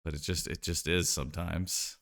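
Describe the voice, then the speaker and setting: A man's voice: low voice, level tone, normal speed, vocal fry, fairly bright tone. A man streaming live, chatting casually and joking while he plays a card game, rambling with lots of "like" and "you know".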